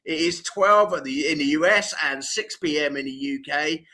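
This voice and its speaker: A man's voice: fairly high pitch, normal speed, pushed and bright. A man co-hosting a live music show, chatting playfully and bantering with his co-host.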